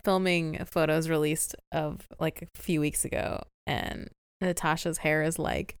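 A woman's voice: low voice, steady tone, unhurried, clean tone, no echo, studio quality. A woman co-hosting a podcast in casual chat, chatty and laughing often as she recaps a show. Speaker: podcast co-host.

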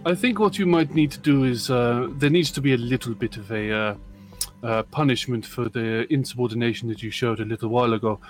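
A man gives slow, measured instructions in character during a tabletop roleplaying game. He pauses on fillers as he thinks. Faint music plays in the background. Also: mid-range voice. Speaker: player.

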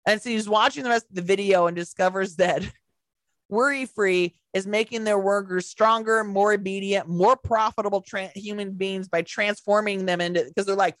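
Young female podcast co-host, loose profane storyteller, medium pitch, dry close sound. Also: fairly even intonation, normal speed, no echo. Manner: rambling storyteller, swears a lot, laughs often. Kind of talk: casual movie recap chat.

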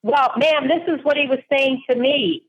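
A woman with a fairly high voice talks on the phone in a blunt, irritated way. She comes across as a caller pushing to get her way. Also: moderate pace, a crowd in the background, poor audio. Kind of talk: phone call.

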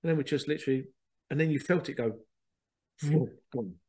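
Mellow-voiced man telling a rambling story. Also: mid-range voice, fairly quick, slightly rough. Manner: excitable, rambling, repeats himself, swears casually. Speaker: spiritual medium and podcast host. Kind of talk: casual storytelling monologue.

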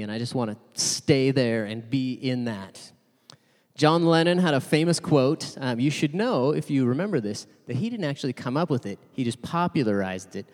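A man's voice: on the high side, darkish tone. A man in his thirties preaching a casual, conversational sermon, telling a family story with self-deprecating humor and lots of asides. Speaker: pastor. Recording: long hall reverb.

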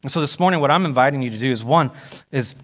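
A young man preaching a sermon in a church, animated and acting out the voices he quotes. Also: fast talker. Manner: animated, acts out quoted voices with rising pitch. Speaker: pastor. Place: church sanctuary.

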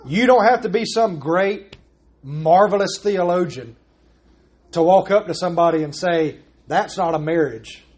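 A man's voice: high-pitched, lively intonation, measured pace. A man preaching a sermon as pastor, pressing his points with repeated rhetorical questions.

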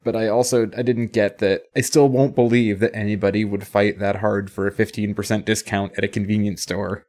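A man's voice: on the low side, level tone, brisk, few pauses, a little mellow. A man co-hosting a podcast, talking casually and often asking for agreement. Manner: chatty, asks for agreement with 'right?'. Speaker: podcast co-host.

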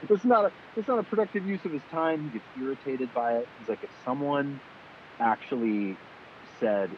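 A man in casual conversation, animated and swearing freely, acting out quoted exchanges as he tells stories. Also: mid-range voice, normal speed. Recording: tinny phone-like sound with faint hiss.

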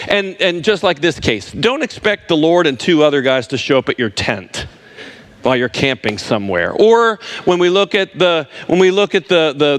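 Male preacher, slightly high voice, emphatic sermon delivery that leans on repetition. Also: a bit bright. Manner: emphatic, repeats words for stress, addresses listeners directly.

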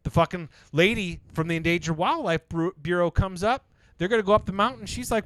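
A man in casual podcast chat, retelling a show's plot with lots of swearing and excited jumps in his voice. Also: brisk, dry recording. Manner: animated storyteller, swears a lot, jumps high when excited. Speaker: podcast co-host.

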